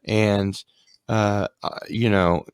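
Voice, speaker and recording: A man's voice: fairly low pitch, fairly even intonation, drawn-out words, clean tone, no echo. A man hosting a casual livestream chat, rambling with ums and restarts. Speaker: livestream host.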